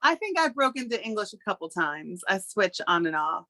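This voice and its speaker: A woman's voice: mid-range voice, very animated, normal speed, bright, forceful tone, poor audio. A woman chatting as a guest on a show, joking along with the host. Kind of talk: casual chat.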